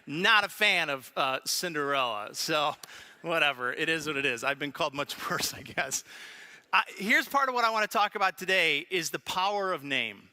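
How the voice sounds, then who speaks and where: A man preaching a sermon as pastor, telling funny family stories with lively animation. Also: on the high side, normal speed. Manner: storytelling with humor, animated. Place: church sanctuary.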